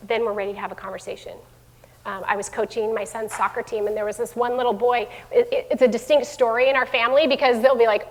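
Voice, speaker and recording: A middle-aged woman speaks to a room of parents in a chatty, unscripted way, full of fillers and self-corrections. Her voice sits a little high. The sound carries a long hall reverb. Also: fast. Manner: warm conversational speaker with many fillers and restarts. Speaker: school division head giving a parenting talk. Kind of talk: live presentation to parents. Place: room with an audience.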